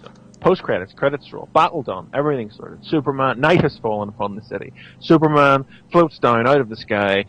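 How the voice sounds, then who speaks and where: A man's voice: mid-range voice, a little fast, rough recording. Podcast host guy spinning a story, voice bouncing all over, stumbles and restarts a lot. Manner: animated storyteller, stammers and restarts. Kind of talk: casual chat.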